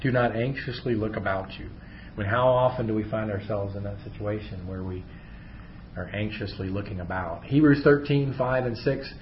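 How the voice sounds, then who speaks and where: A man's voice: on the low side, moderate pace, reverberant, lo-fi sound, slight background noise. A middle-aged man teaching a Bible class, chatty, asking his class rhetorical questions. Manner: conversational, often asks rhetorical questions.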